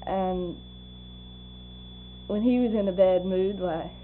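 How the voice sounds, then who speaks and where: Older woman, oral history interviewee; chuckling, animated storyteller; lo-fi tape hiss. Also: mid-range voice, slow pace. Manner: laughing, animated storyteller acting out quoted voices. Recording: tinny lo-fi tape with faint hum.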